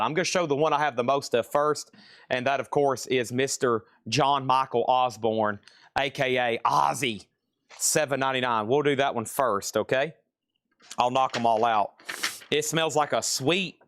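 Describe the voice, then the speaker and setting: A man running a live online record auction, chatty and jokey as he calls out prices and the names of buyers. His voice sits a bit high for a man. The sound is close and dry, with no room echo. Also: fairly bright tone. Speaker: live-stream record seller. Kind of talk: live auction sales patter.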